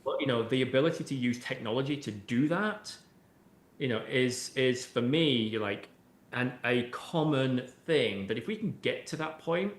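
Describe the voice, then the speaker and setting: A man, an AI expert guest on an interview podcast, explaining at length in a conversational way with many "you know"s and "right?"s. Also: mid-range voice. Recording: roomy echoey room sound.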